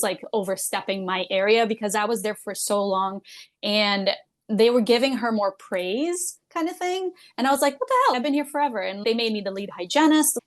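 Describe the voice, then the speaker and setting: A woman who works as a dental hygienist, a guest on a podcast interview. She tells candid stories in a loud, giggly way, laughs often and swears casually. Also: mid-range voice.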